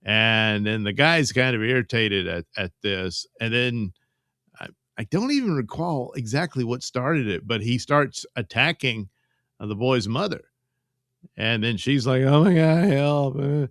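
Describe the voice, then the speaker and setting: A man's voice: mid-range voice, pushed and bright, no echo, studio quality. A man hosting a live stream and retelling a movie plot in a loose, rambling way, stammering and chuckling as he goes. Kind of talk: casual live-stream chat.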